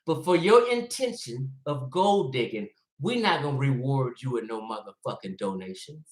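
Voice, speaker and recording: A man hosting a livestream, ranting bluntly and profanely, swinging between loud outbursts and low muttering. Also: expressive, moderate pace. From Los Angeles. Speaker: livestream host. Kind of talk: livestream commentary rant.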